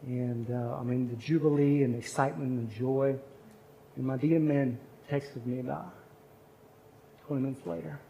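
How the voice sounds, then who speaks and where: A man's voice: mid-range voice, fairly even intonation, moderate pace, gravelly, muffled recording, a little hiss or hum. A man speaking at a chapel service, telling a personal story in an earnest, conversational sermon.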